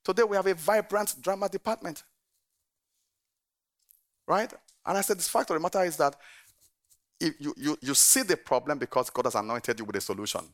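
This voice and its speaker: A middle-aged man, a pastor, preaching a sermon with animated storytelling and frequent laughter. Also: a little high, brisk, pauses often.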